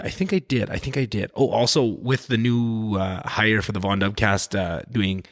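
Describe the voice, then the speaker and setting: A man hosting a podcast, talking in a loose, rambling, animated way and swearing freely. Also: on the low side, moderate pace, few pauses, no room sound, clean studio sound. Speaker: podcast host. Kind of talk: casual podcast chat.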